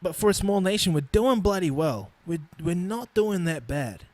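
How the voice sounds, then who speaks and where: A high, animated male voice at normal speed, with no room sound, belongs to a New Zealand podcast host in his twenties. He's recording solo on a studio microphone, ranting bluntly and swearing plenty.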